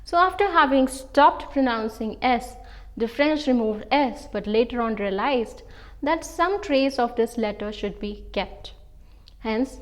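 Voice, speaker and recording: A woman, giving an online French lesson and slowly and carefully modelling each pronunciation example. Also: a little high. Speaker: French teacher.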